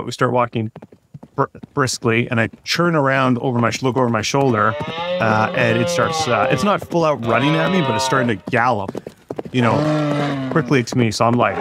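Against background noise, a podcast guest in his forties recounts a story in a medium-pitched voice. His telling wanders, thick with fillers and false starts, and picks up energy during the retold parts.

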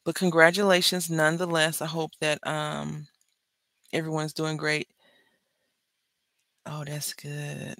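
Making jewelry on camera, a middle-aged woman talks unhurriedly in a low voice with vocal fry and long pauses. Her casual chat is full of animated stories and jokes. The recording is dry.

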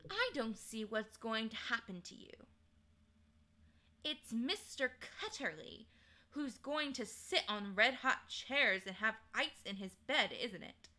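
A woman voicing a proper, sharp-tongued young English girl in a storybook reading, talking sarcastically and indignantly. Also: a little high, big pitch swings, takes it slowly, heavily acted. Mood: placid.

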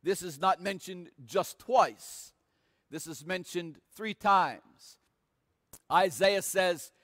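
A man preaches slowly and deliberately, his voice sitting high for a man. He leans hard into dramatic, emphatic readings of scripture. The sound carries a long reverb, as in a church sanctuary. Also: fairly bright tone, clean studio sound. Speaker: pastor. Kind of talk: sermon.

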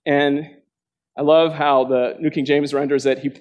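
Man, preacher, sermon to a congregation, earnest, asks direct questions, slightly higher voice. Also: flat delivery, moderate pace, highs cut off. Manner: dramatic quotes with sharp jumps in pitch. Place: church gathering before a live congregation.

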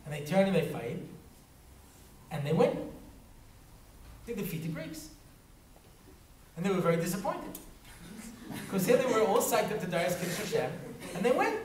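A man's voice: high voice, very animated, moderate pace, long pauses, darkish tone, far from the mic. A man giving a humorous Torah talk in a synagogue, telling stories and acting out voices. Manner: storytelling, breaks into voices and laughs. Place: synagogue hall. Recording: roomy hall recorded from afar, faint noise.

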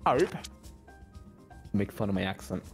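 A man in a casual gaming chat, goofy and excitable, with sudden yelps. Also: fairly low pitch, unhurried, gravelly. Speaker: streamer guest. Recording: faint background music.

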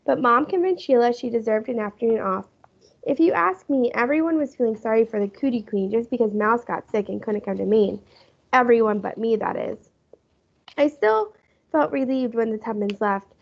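Teacher lady reading a chapter book, husky voice, lo-fi sound. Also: on the high side, brisk. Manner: lively storytelling. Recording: muffled lo-fi recording.

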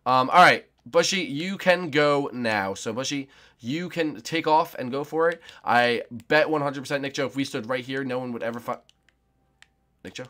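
A young man giving let's play commentary on a game, excitable and often shouting and squealing. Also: medium pitch, moderate pace. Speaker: gaming YouTuber.

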